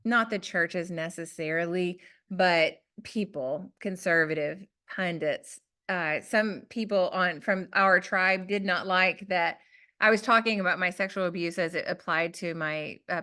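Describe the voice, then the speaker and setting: A woman with a Southern US accent, a guest author telling a personal story in an animated, self-deprecating way in a podcast interview. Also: fairly low pitch, clean tone.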